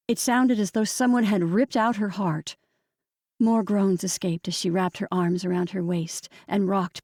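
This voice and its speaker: A woman narrating a novel as an audiobook reader, in a gentle, measured storytelling manner. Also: mid-range voice, no room sound, studio quality. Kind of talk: scripted narration.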